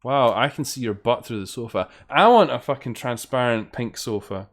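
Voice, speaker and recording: A man's voice: medium pitch, lively intonation, normal speed. Sweary British man streaming a game. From Britain. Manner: sweary, sarcastic banter with chat. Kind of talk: casual gameplay commentary.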